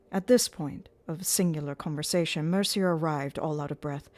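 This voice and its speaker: A woman narrating a classic novel live, reading expressively and slipping into character voices for the dialogue. Her voice sits slightly low, and the sound is dry and close with no room echo. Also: moderate pace, few pauses, a little mellow. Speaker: audiobook reader on a live stream.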